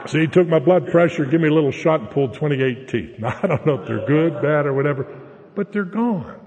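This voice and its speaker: A man's voice: fairly high pitch, animated, brisk, a little mellow, muffled recording. A man telling a humorous personal recovery story in a folksy way, often tagging his lines with "okay?". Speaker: speaker sharing a recovery story. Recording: echoey hall.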